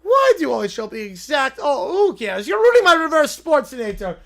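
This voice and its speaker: A man's voice: very high-pitched, huge pitch swings, brisk, gravelly, a bit bright, full character voice. A man doing a rambling cartoon evil scientist. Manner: rambling, stammering, grandiose. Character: bumbling middle-aged male evil scientist, rambling and theatrical.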